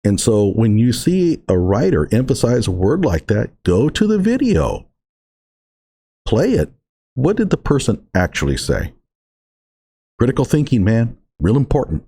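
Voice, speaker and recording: A man's voice: mid-range voice, huge pitch swings, unhurried, mellow, husky. A man giving emphatic, sarcastic reaction commentary on an article he is reading through.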